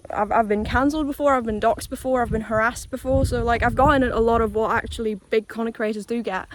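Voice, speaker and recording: A young woman from Poland, a native Polish speaker with British-tinged English, rambles casually and swears as she walks along a quiet rural road, holding her phone. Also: mid-range voice, background noise. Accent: British-tinged English with a Polish background. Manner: chatty, loose and sweary, with frequent "like" fillers. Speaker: vlogger. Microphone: handheld phone while walking.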